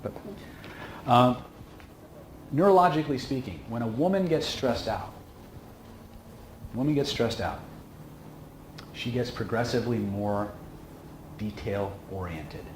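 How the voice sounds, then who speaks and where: A man lecturing a seminar crowd in a casual, emphatic way. His voice sits at an ordinary middle pitch. It rings in an echoey room over a faint hum. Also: unhurried, pauses often. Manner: casual, emphatic, with frequent "okay?" checks. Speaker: instructor.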